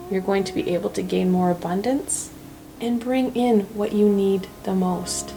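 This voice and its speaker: A woman hosting a weekly tarot reading video, talking in a gentle, reassuring, chatty way. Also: mid-range voice, poor audio. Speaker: tarot reader.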